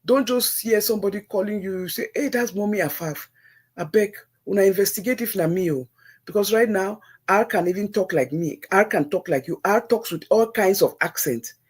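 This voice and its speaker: Woman, Nigerian accent, middle-aged, breathy husky tone, livestream host, earnest and pleading, preachy, repeats for emphasis. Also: mid-range voice, brisk. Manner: preachy, religious. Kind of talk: casual advice talk to live viewers.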